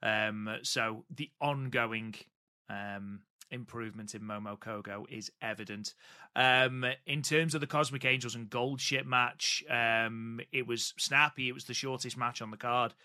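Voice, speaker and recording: Bright-voiced man reviewing matches. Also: mid-range voice, fairly even intonation, clear, resonant tone. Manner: hesitant, many ums, measured opinions. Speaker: podcast co-host. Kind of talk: casual podcast review chat.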